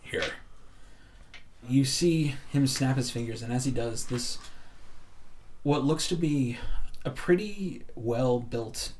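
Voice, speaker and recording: A man's voice: mid-range voice, takes it slowly, a little mellow, slight background noise. A man narrating a tabletop game as game master, casual with lots of fillers.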